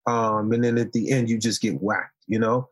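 A man from Haiti, a guest in a casual interview, telling stories in a relaxed, playful way and laughing often. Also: fairly low pitch, moderate pace, no room sound.

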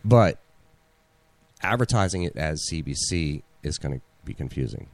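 Deep-voiced rambling male podcast host. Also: lively intonation, normal speed, no echo. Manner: rambling, many fillers and restarts. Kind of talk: casual chat.

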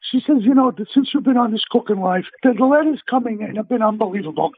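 Speaking brisk and very high-pitched with a slightly rough texture, a middle-aged American chef swaps blunt, animated stories as a guest in a casual phone interview. He comes across as brash, and the dry audio carries a tinny phone-line quality.

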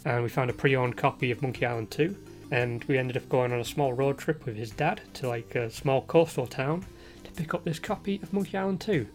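A man's voice: mid-range voice, brisk, faint music behind. A man hosting a podcast, chatting casually with lots of fillers and laughter, and a sore throat. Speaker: podcast host. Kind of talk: casual chat.

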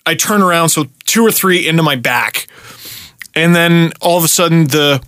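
Animated young man telling a story. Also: fairly high pitch, moderate pace, no echo. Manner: animated, swearing, acts out shouted quotes. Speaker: podcast host. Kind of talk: casual storytelling chat.

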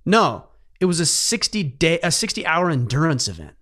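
A middle-aged man with a slightly raised pitch tells a personal story on a podcast. His delivery is earnest and heartfelt, and it turns emotional in places. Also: sing-song, normal speed, fairly bright tone. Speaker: podcast host. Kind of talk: casual podcast conversation.

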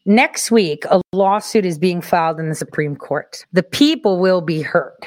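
A woman's voice: on the low side, animated, moderate pace, a little mellow, no room sound, rough recording. A woman talks casually to her viewers as she hosts a livestream, moving from point to point in a loose, conversational way. The sound is close and dry, with no room behind her. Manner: chatty, addresses viewers directly. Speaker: host.

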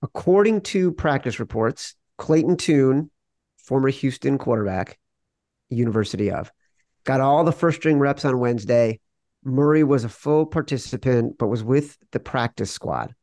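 A man's voice: mid-range voice, expressive, moderate pace, darkish tone, no room sound, studio quality. A man co-hosting a sports betting podcast, arguing his picks in a wry, insistent way. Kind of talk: casual sports betting debate.

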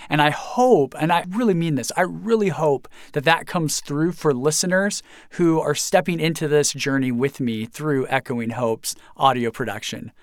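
Earnest man with a higher voice. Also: fairly bright tone, clean tone, no room sound, studio quality. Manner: earnest, self-deprecating, chuckles at himself. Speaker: pastor and author. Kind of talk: earnest reflective interview answers.

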